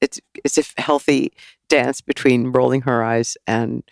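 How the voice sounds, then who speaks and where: A woman in her sixties, a teacher and author talking as a podcast guest in an animated, casual way. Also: rumbling low, a little slow, vocal fry, no room sound, clean studio sound. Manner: animated, acts out quoted voices and laughs often.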